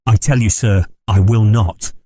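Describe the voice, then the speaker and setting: A man's voice: fairly low pitch, steady tone, a little slow, warm tone, a little hiss or hum, natural voice. A man voicing a flustered middle-aged village vicar who speaks with a curious jerking intonation. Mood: strained.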